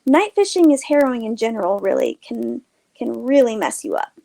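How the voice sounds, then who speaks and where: A woman voicing a breezy teenage girl with a raised, bright voice, full of easy confidence as she explains and teases. She talks loudly and a little higher than the storyteller does in the narration. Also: wildly swooping pitch, moderate pace, gravelly, exaggerated voice. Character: upbeat teenage girl, teasing local fisher's daughter.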